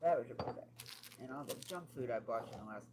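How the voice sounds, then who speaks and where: A woman's voice: rumbling low, lively intonation, fast. A woman streaming casual chat while she decorates cakes, talking bluntly and swearing often, sounding exasperated. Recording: noisy home recording.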